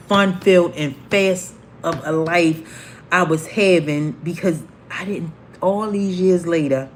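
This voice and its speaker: Animated woman telling a story on a livestream. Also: low voice, slight background noise. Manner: animated, acts out quoted voices. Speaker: livestream host.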